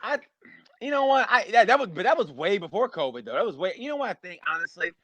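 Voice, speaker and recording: A man, a guest comedian, chatting casually on a podcast with high, animated energy, telling stories. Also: fast talker, no room sound, dull audio.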